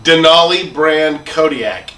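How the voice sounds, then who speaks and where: A man's voice: a little high, expressive, slow, sharp tone, reverberant, recorded from a distance. A man co-hosting a casual live stream, with dry, teasing remarks.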